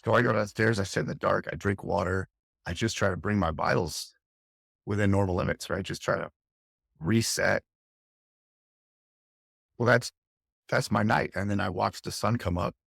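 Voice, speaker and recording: A man's voice: fairly low pitch, normal speed, creaky, long pauses, a bit bright, husky, no echo, clean studio sound. A middle-aged man, a fire captain, recounting a harrowing experience intensely and candidly in an interview, often restarting his phrases. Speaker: fire captain, podcast guest.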